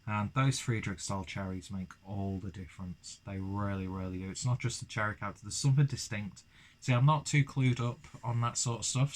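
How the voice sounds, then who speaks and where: A man's voice: on the low side, brisk. Rambling man reviewing beer. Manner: rambling, self-deprecating, chatty with fillers. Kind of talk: casual beer review vlog.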